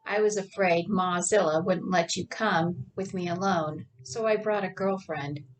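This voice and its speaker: A woman's voice: fairly low pitch, fairly even intonation, unhurried, recorded from a distance, a little hiss or hum, lightly acted. A woman voicing a loyal, nervous young man who talks earnestly and urgently.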